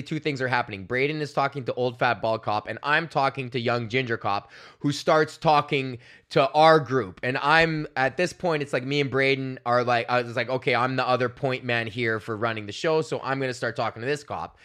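A man's voice: medium pitch, a little fast. A young man, hosting a podcast and telling a ranting, profane comedy story, often slipping into voices of the people in it. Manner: profane, animated, acts out voices of others. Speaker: podcast host.

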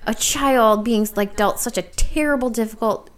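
A woman's voice: on the high side, moderate pace. A woman co-hosting a casual podcast, chatty and swearing now and then. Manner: casual, swears, laughs easily. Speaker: co-host.

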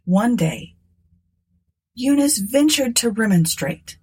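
A woman reading a gothic story aloud with a husky, breathy voice set fairly low. Her delivery is dramatic and lively, rising and falling widely through each sentence. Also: unhurried. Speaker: audiobook narrator. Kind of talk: scripted narration of a gothic story.

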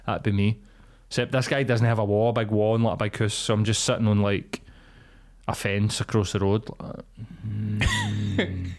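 A man's voice: on the low side, level tone, brisk, darkish tone. A young Scottish man co-hosting a podcast, telling a sweary road-rage story in casual chat and acting out the voices. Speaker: podcast co-host.

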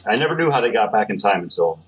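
A man competing in a casual trivia game, chatty and playful. His voice sits low but swings widely in pitch. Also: quick pace, a little hiss or hum. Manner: animated, joking. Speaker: trivia contestant. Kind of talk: casual chat.

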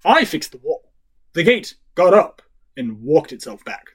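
A man's voice: on the high side, big pitch swings, unhurried, husky, exaggerated voice. A man voicing a loyal male butler who answers his lord deferentially and a little flustered.

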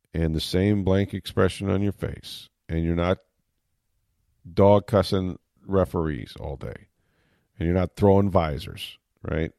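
A man giving sports talk commentary as an analyst, animated and emphatic, mocking critics with repeated phrases. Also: low-pitched, dry recording, clean studio sound. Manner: animated, mock-quoting critics, emphatic repetition.

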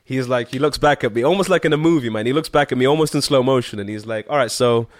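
A man from Zimbabwe, guesting as a singer-songwriter, shares a story in a relaxed chat at a quick pace. He's animated and slangy, with plenty of fillers and an occasional curse. His mid-pitched voice is captured dry and close, lacking any room echo.

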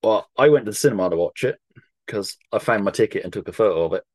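A man in his thirties hosts a casual podcast chat in a lowish voice. He sounds relaxed and opinionated and swears casually. The recording is dry and close. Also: fast talker, dry recording. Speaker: podcast host.

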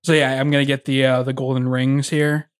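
A man's voice: mid-range voice, brisk, clear, resonant tone, dry recording. Player, man, mid voice, dry close sound, earnest item reading. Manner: earnest, reads item text in a steady way. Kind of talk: casual tabletop game chat.

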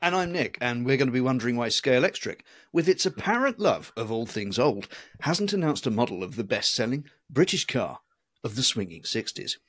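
A man co-hosting a podcast in casual chat, relaxed and musing, with some hesitations. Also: medium pitch, fairly quick, no echo. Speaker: podcast co-host.

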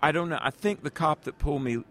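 A man's voice: fairly high pitch, quick pace, a bit bright. A man, an evangelist answering interview questions with earnest stories, speaking directly to the listener. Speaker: guest evangelist.

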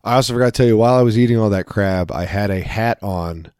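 A man with a fairly low voice chats in a loose, joking way and keeps restarting his sentences as he rambles through a story. The sound is dry and close. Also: quick pace, a little mellow, smooth, dry recording. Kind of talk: casual chat.

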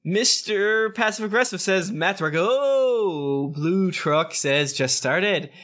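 Podcast co-host, man, bright and slightly high voice, fast casual reading. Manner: rattles off names and quotes, laughing along. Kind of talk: quick casual read-through.

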